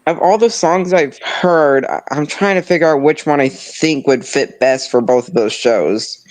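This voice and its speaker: A man's voice: fairly high pitch, unhurried, darkish tone. A young man with a slightly nasal, stuffed-up voice, chatting casually on a stream with rambling, restarting sentences. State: stuffed-up nose. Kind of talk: casual chat.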